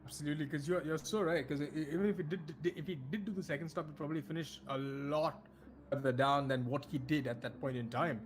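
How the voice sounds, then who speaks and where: Fast and steady in tone, this fairly high male voice belongs to an Indian commentator covering an online racing event, with slight noise in the background. His live race talk is chatty, full of restarts and easy laughter.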